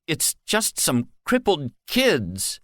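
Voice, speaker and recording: A man's voice: medium pitch, sing-song, normal speed, bright, forceful tone, no room sound, clean studio sound, voice pushed up. A man voicing a shaken male security guard whose voice trembles in panic. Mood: panicked. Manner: panicked, voice shaking.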